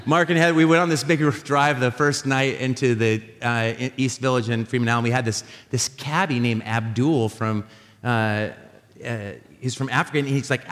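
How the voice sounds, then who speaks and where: A man preaching a sermon as a pastor, telling animated, jokey stories with many restarts. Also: medium pitch, normal speed. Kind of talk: sermon with storytelling. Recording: live sermon in a reverberant hall.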